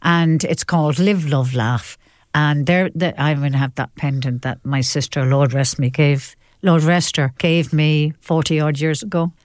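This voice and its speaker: Lively older woman telling stories. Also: sits low, unhurried, dry recording, clean studio sound. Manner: lively, animated storyteller with frequent laughs and repetitions. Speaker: actress and guest. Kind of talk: chatty interview storytelling.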